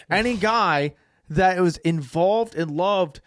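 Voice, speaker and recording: A young man co-hosting a podcast, telling a story in a casual, profane way, dropping to a hush and then bursting out loud. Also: a little high, normal speed. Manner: animated storytelling, profane, swings from hushed to loud. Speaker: podcast co-host. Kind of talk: casual chat.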